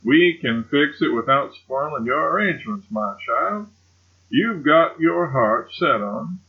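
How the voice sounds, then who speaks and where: Male reader as a gushing old colonel, emphatic and pitched up; muffled audio. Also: lively intonation, slow, husky, full character voice. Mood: effusive. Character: boastful elderly male colonel, effusive and scheming.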